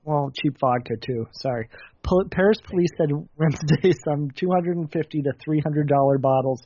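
Mellow-voiced man reading news stories. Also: fairly high pitch, moderate pace. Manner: matter-of-fact reading, with stumbles. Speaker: host. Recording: dull lo-fi recording, dry.

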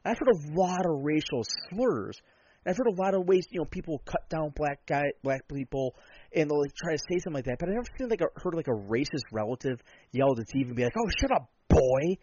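A man's voice: a little high, expressive, fast, warm tone. A man co-hosting a podcast in casual chat, talking bluntly and sarcastically in long rambling turns. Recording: dull lo-fi sound.

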